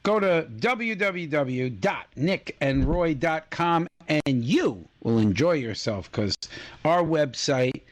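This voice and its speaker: A man's voice: fairly high pitch, slow pace. A man co-hosting a casual trivia radio show, joking around and telling stories with silly asides. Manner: jokey, animated, puts on silly voices. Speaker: co-host.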